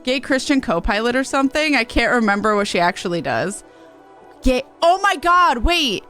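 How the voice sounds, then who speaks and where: Lively, rambling woman streamer. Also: fairly high pitch, normal speed, soft background music. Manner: rambling, self-correcting, laughs easily. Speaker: game streamer. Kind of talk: casual gameplay chat.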